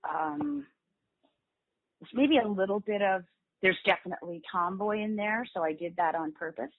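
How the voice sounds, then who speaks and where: A woman voice actress being interviewed, animatedly explaining how she builds voices, sometimes dropping into quick demo voices. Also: mid-range voice, creaky. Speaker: voice actress guest. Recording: phone-like lo-fi call audio.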